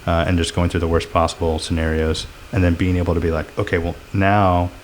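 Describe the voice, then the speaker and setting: A middle-aged man with a deep, low voice talks through his experiences as a podcast guest. He rambles reflectively, stacking up fillers and restarts. A faint hum sits under the recording. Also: completely flat delivery, fast talker. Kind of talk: casual podcast chat.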